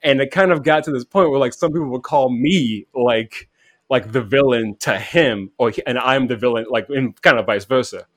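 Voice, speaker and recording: A man's voice: mid-range voice, moderate pace, no room sound. A man telling a rambling, casual story about an online game, full of "like" fillers, acting out quoted voices. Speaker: podcast guest.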